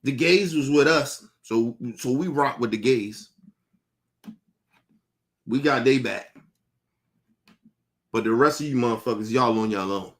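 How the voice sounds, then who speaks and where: A man delivering a heated, profane rant as a podcast host, shouting and repeating himself. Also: mid-range voice, unhurried, pauses often.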